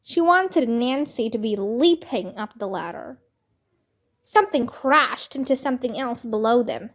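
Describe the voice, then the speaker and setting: Slow high-voiced woman reading a storybook. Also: animated. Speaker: children's book reader. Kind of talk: reading a children's book aloud.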